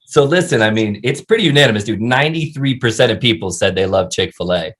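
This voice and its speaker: A young man hosting a casual podcast, with a voice on the low side. He jokes around, swears freely and keeps the chat loose and friendly. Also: expressive, fast, a bit bright. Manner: laid-back, swearing, jokey. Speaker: podcast host.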